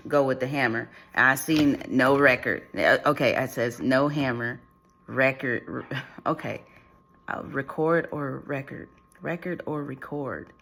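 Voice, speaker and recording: A man with a gravelly, mid-range, fairly bright voice offers viewers a channeled spiritual reading. He talks loosely and repetitively, constantly restarting and leaning on fillers.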